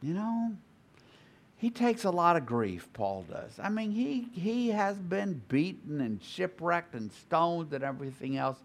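A man's voice: a little high, sing-song, a little slow, gravelly. A man leading a group Bible study, explaining scripture in a thoughtful way and often restarting his phrases as he works through an idea. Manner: thoughtful, repeats and restarts phrases while reasoning aloud.

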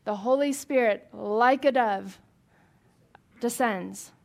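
A woman's voice: a little high, takes it slowly, creaky. A woman leading a Bible study for a small group, reading scripture aloud and chatting with questions to the room.

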